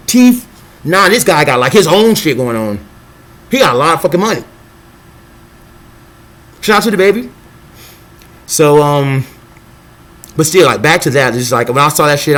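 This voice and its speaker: A young man rambling in a casual vlog monologue, excitable and profane, jumping between thoughts and acting out quotes. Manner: scattered, excitable, profane, acts out quotes in a high voice. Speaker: vlogger.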